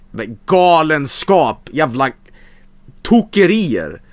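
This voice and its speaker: A young Swedish man with a Swedish accent, chatting casually on a live stream, excitable and profane, swinging from mumbles to shouts. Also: high voice, clear, resonant tone, dry recording. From Sweden.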